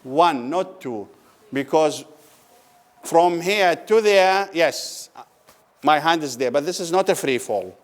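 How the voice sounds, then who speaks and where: Man lecturing, slow questioning delivery. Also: on the high side, expressive. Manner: asks the class questions and answers them, repeats key words slowly. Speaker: physics lecturer. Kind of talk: classroom lecture. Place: lecture room.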